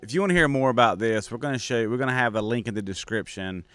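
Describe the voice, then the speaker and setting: A man's voice: medium pitch, fast talker, fairly bright tone, dry recording. A man hosting, casually talking through a drum's tuning and sound with enthusiasm. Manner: enthusiastic, explains gear step by step. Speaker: host and drum maker. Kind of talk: casual demonstration talk.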